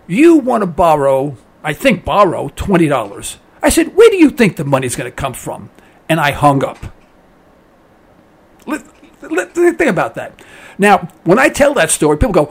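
High-voiced folksy talk radio host. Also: male voice, big pitch swings, brisk, breathy edge. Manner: storytelling, folksy and emphatic, acts out quotes. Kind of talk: call-in talk radio monologue.

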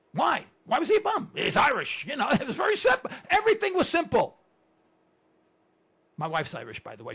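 Animated gravelly-voiced man in his sixties. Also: very high voice. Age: 60s. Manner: animated storyteller, rhetorical questions, repeats words. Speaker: broadcaster addressing listeners. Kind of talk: conversational monologue with anecdotes.

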